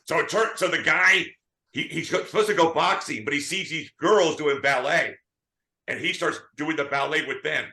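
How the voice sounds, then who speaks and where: Man, bright voice, animated storyteller, echoey room. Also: fairly high pitch, moderate pace. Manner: animated storytelling, acts out quotes. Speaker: podcast co-host. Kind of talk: casual chat.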